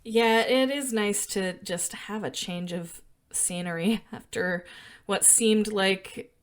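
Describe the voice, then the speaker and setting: A woman's voice: mid-range voice, takes it slowly. A woman co-hosting a podcast, casually walking through a film scene, with fillers and small laughs. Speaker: podcast co-host.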